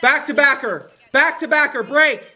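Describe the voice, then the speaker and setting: Excitable man begging the wheel. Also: very high-pitched, normal speed. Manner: pleading, chanting, bursts into shouts. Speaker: gambling streamer. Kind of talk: excited live casino commentary.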